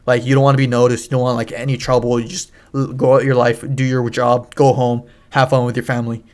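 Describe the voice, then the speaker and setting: A man's voice: medium pitch, little pitch movement, fast, darkish tone. Young male gamer, loose profane storyteller, mid-range voice, lots of false starts. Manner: rambling, profane, frequent restarts. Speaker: gaming channel host. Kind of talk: casual storytelling over gameplay.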